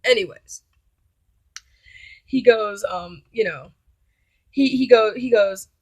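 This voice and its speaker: A woman's voice: medium pitch, slow pace, darkish tone, dry recording. A young woman telling a personal story casually, bluntly and indignantly, with plenty of swearing and acted-out quotes of both sides. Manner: blunt, profane, indignant retelling with quoted dialogue.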